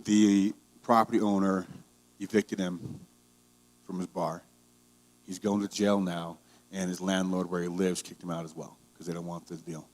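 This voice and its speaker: A man's voice: low voice, flat delivery, normal speed, darkish tone. A male pastor preaching a conversational sermon, telling stories and growing heated. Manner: conversational storytelling, grows heated.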